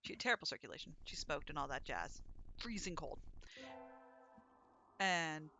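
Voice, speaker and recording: A woman's voice: low-pitched, sing-song, moderate pace, sharp tone, soft background music. A young adult woman chatting casually over a game, rambling into stories. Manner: chatty, rambling anecdotes with acted quotes. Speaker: let's play streamer. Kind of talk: casual gameplay commentary.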